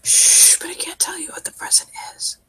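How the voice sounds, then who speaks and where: A woman voicing a drugged, dazed young man in breathy whispered role-play. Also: normal speed, bright, forceful tone, low-quality recording. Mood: dreamy. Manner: giggly, dreamy, out of it.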